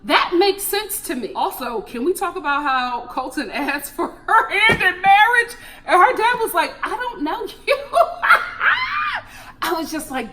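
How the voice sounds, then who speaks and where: A young woman chatting animatedly through a TV recap, breaking into laughs and jumping high in pitch for emphasis. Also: bright, forceful tone. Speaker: TV recap vlogger.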